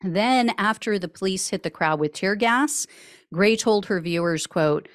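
A woman's voice: medium pitch, measured pace, no echo. Sarcastic woman podcast host. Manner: dry sarcastic asides. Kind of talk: news commentary podcast.

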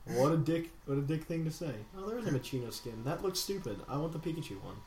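A young man co-hosting a casual gaming podcast, chatty and animated, stretching out names slowly when he reads league standings. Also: fairly high pitch, a little hiss or hum. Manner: animated, slow announcer drawl for standings. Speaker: podcast co-host. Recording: echoey room.

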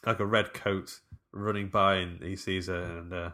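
A man's voice: sits low, flat delivery, moderate pace, sharp tone. A man in casual film podcast chat, telling the story loosely and laughing a lot. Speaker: podcast co-host.

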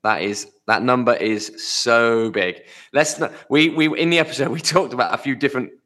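A man's voice: medium pitch, normal speed, sharp tone. A man co-hosting a podcast, chatting casually and with amusement, trailing off with fillers. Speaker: podcast co-host. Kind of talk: casual chat.

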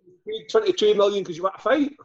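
A man's voice: high voice, racing. A man co-hosting a casual podcast chat, thoughtful and rambling, full of "like". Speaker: podcast co-host, ex-footballer. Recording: slightly dull lo-fi sound.

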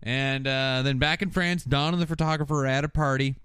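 A man's voice: mid-range voice, fairly even intonation, a bit bright, clean tone, no echo. A man hosting a casual podcast, recapping a TV episode in a rambling way. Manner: rambling, mimics characters in quick asides. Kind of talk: casual chat.

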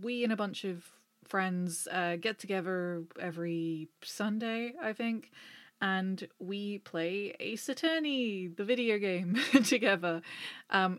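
A woman's voice: medium pitch, no echo. A woman voice actor answering interview questions in a friendly, rambling way. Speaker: audio drama voice actor.

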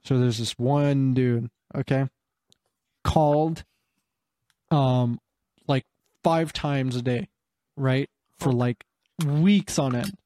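A man's voice: mid-range voice, takes it slowly, pauses often, mellow, no echo. A young man casually telling work stories, rambling, full of fillers and swearing. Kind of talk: casual chat.

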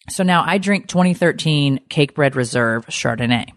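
Animated storytelling woman, dry mic. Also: moderate pace, hardly any pauses, no echo. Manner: animated storyteller, swears, jumps high for quoted lines. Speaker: podcast co-host. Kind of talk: casual chat.

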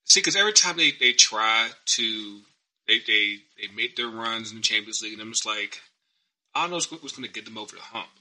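A man's voice: on the low side, animated, a little fast, sharp tone, poor audio. A man in casual chat who laughs often and asks long, rambling questions.

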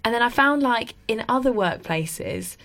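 A woman's voice: a little high, lively intonation, normal speed, a bit bright. Thoughtful woman in casual chat. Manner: thoughtful, searching for words.

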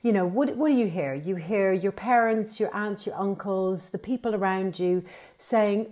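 Upbeat animated woman guest. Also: mid-range voice, moderate pace. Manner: animated, upbeat storytelling with playful quoted voices. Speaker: guest, TV presenter and author. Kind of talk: conversational podcast interview.

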